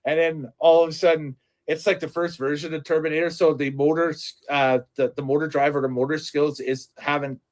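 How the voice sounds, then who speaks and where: A man hosting a casual podcast chat, laughing often and stumbling over restarts as he talks. His voice sits a touch higher than most men's. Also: flat delivery, fairly quick, hardly any pauses. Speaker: podcast host.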